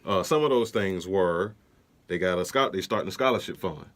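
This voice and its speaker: A man's voice: sits low, brisk, fairly bright tone. A young man co-hosting a podcast in casual chat, laid-back with many fillers and restarts. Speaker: podcast co-host.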